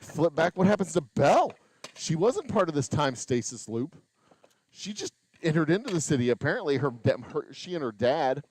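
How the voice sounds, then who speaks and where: A slightly high male voice, with a little hiss or hum, comes from a distiller and channel host live-streaming in his small distillery's indoor bottling room. While working he drifts through sarcastic, rambling chat, counting bottles quietly to himself.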